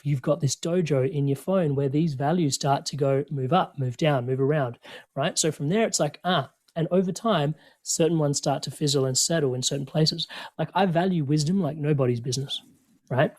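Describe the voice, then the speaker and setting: A man, talking as a podcast guest in an energetic, animated way, acting out quoted dialogue. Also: a little high, moderate pace. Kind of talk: conversational coaching talk.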